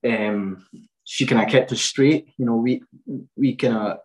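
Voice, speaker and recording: A man's voice: mid-range voice, a little slow, poor audio. A man in his twenties talks casually as a podcast guest. He wanders through his story with plenty of fillers and false starts. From Scotland. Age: 20s. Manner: rambling, many fillers and restarts. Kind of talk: casual chat.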